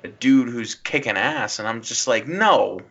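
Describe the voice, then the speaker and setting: A man on a casual film review podcast who rambles and defends his takes with plenty of likes. His voice is bright and forward. The audio is slightly dull. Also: medium pitch, steady tone, moderate pace. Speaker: podcast co-host.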